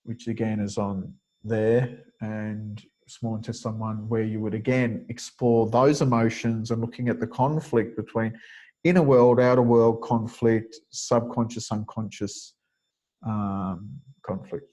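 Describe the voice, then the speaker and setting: A man's voice: lowish voice, steady tone, unhurried, warm tone, low-quality recording. A man teaching a webinar lecture over a video call, explaining step by step and thinking aloud with frequent fillers. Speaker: kinesiology teacher.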